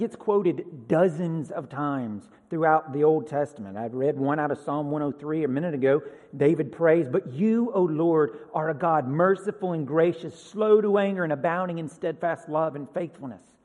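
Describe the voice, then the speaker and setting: Earnest high-voiced male preacher in a hall. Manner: earnest, swings from loud emphasis to hushed near-whisper. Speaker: pastor. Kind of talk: sermon. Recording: long hall reverb.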